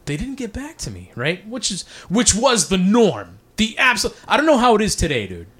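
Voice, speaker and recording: A man's voice: sits high, wildly swooping pitch, normal speed, a bit bright, breathy edge. A man telling a rambling, profanity-heavy story in casual podcast chat, apologizing for ranting.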